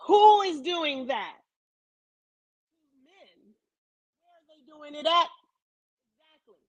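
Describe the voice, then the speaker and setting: A woman's voice: sits high, no echo. A woman vlogger talking in a casual commentary style, emphatic and dramatic, with heavy swearing.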